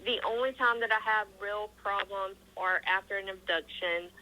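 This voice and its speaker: A woman's voice: medium pitch, moderate pace, bright, forceful tone, poor audio. A woman answering interview questions, telling a personal story in a casual, earnest way with many ums and acted-out quoted dialogue. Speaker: interview guest.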